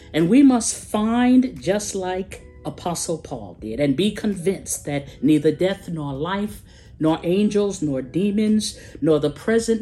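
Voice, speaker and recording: A woman preaching a sermon, slow and emphatic, with dramatic pauses and a sing-song rise and fall. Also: fairly low pitch, mellow.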